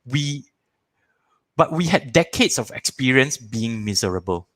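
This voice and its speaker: Man, Malaysian English accent, parenting teacher, lively pitch, dry close sound. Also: unhurried, no echo. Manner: animated, acts out little scenes in shifting voices; repeats words and phrases for emphasis. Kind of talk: live online parenting workshop.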